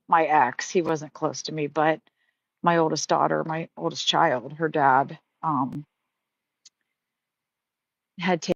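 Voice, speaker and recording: Lower-pitched woman rambling on her livestream, dry muffled sound, lots of um and like. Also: no echo. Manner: chatty, rambling, heartfelt, many fillers. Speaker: livestream host. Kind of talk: casual live-stream storytelling. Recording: dry, slightly muffled stream audio.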